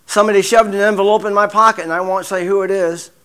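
A man preaching a sermon, halting often with repeated words and fillers, sometimes dropping to a hushed murmur. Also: sits high, fairly even intonation, smooth. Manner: drops to a hushed murmur in prayer.

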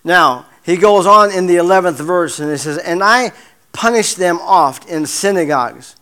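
A man preaching a sermon, halting often with repeated words and fillers, sometimes dropping to a hushed murmur. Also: high voice. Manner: drops to a hushed murmur in prayer.

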